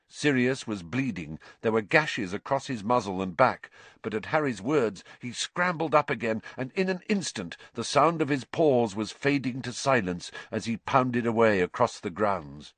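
A man narrating a story aloud, expressive and dramatic, rising with the action. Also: mid-range voice, dry recording. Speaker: audiobook narrator.

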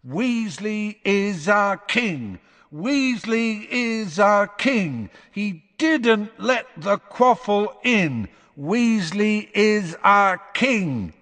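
A man reading aloud and singing a slow, gloating chant of a student crowd. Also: high-pitched, animated, fairly bright tone, long reverb tail, voice pushed up, heavily acted. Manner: slow sing-song chant. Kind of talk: audiobook sung chant.

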